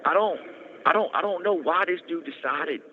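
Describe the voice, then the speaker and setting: A man's voice: a little high, normal speed. A man tells his story in an earnest, conversational way, repeating himself and restarting sentences, on a prison phone. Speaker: podcast host telling his story. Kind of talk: casual storytelling. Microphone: prison phone handset. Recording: tinny phone line with faint noise.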